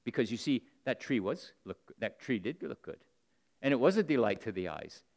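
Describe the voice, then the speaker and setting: A man preaching a sermon to the men in his congregation, earnest and direct, swinging between loud emphatic bursts and low, close asides. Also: big pitch swings, moderate pace, gravelly.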